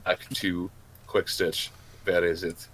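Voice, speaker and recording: A man voicing a gruff, blustering stallion tinkerer with a put-on Russian accent who speaks of himself in the third person. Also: sits low, little pitch movement, slow pace, fairly bright tone, full character voice.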